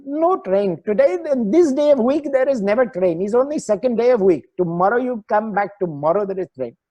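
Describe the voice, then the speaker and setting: A man's voice: high voice, animated, fairly quick, warm tone, voice pushed up. A man putting on a stubborn ticket clerk. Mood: apologetic. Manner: insistent, repetitive, broken English. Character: polite stubborn male train ticket clerk in India.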